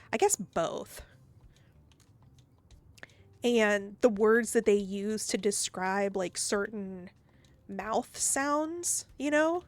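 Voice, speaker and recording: A woman's voice: mid-range voice, no echo. A woman streaming a game and chatting casually, rambling and laughing easily. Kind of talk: casual gaming stream chat.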